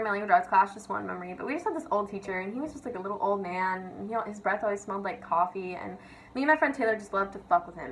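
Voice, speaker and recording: In a mid-range voice on a low-quality recording with slight background noise, a young female vlogger rants casually about her school days. She giggles, swears freely, and says "like" constantly.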